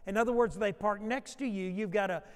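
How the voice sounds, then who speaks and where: A male pastor preaching a sermon, moving from loud urgent passages to low hushed asides. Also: brisk, clear, resonant tone. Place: church sanctuary. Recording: long hall reverb.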